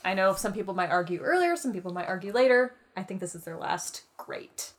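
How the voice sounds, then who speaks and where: Podcast co-host, woman, thirties, giddy and excitable, quick laughs. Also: mid-range voice. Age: 30s. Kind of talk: casual chat.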